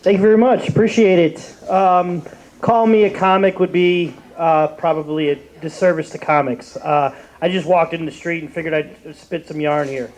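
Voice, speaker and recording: A man's voice: a little high, steady tone, moderate pace, darkish tone, poor audio. A young man from Cleveland doing a rambling open mic stand-up set, full of fillers and restarts. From Cleveland, Ohio.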